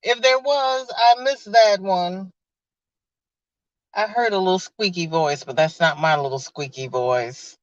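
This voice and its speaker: A woman's voice: fairly low pitch, a little slow, no echo. A woman hosting a casual live stream from her car, chatting and laughing as she greets viewers by name and reads their comments. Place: inside a car. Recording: dull, lo-fi.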